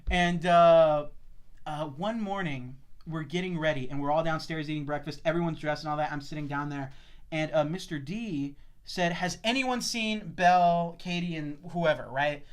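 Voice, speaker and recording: A man's voice: fairly high pitch, moderate pace, clear, resonant tone. Young male podcast host, casual storyteller, curses a lot, mimics voices. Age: young adult. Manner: swears freely and acts out quoted voices.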